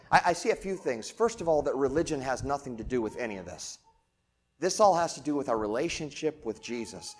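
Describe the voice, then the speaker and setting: A man preaching a sermon in a casual, conversational way, asking rhetorical questions and swinging between loud emphatic lines and quiet ones. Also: mid-range voice, sing-song, fairly quick. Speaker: pastor.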